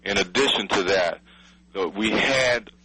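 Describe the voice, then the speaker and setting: Husky New man, angry and blunt, heard over radio audio. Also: on the low side, a little slow, pushed and bright, no echo, low-quality recording. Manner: furious, blunt, swearing, pleading. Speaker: city official interviewed by radio.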